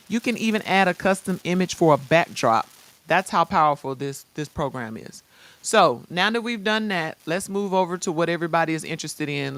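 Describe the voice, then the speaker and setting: A woman hosting a live-streamed software tutorial. She chats casually in slang and talks straight to her viewers. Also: lowish voice. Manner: lively, chatty, addresses viewers directly. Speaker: host.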